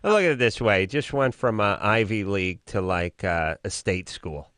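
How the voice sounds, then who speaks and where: Brief: male radio co-host, lively sarcastic riffing, dry close studio mic. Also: lowish voice, normal speed, clear, resonant tone, no room sound. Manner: sarcastic, riffing comic delivery. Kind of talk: late-night call-in radio banter. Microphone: studio broadcast microphone.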